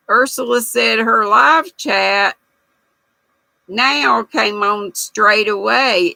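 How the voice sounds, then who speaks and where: An older woman talks in a slow, unhurried way, chatting folksily with her livestream viewers. Her voice is gravelly but bright. The sound is dry and close. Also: mid-range voice, no room sound, rough recording. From United States. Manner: chatty, folksy, reads viewer comments aloud. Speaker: livestream host reading chat. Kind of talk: casual chat.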